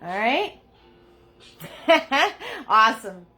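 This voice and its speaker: A chatty woman with a New Jersey accent and a bright, forceful voice, teaching a painting class live. She laughs easily and greets viewers by name, and faint music plays underneath. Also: a little high, big pitch swings, extremely slow, rough recording. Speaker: painting instructor.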